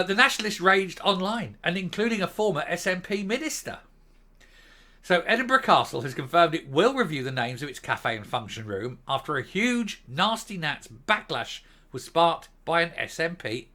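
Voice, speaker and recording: A Northern Irish man ranting through his own commentary, blunt and scornful, with a sarcastic edge and the odd swear word. His voice sits a little high and swings up and down a lot. The tone is bright and sharp. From Northern Ireland. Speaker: host of a political commentary channel.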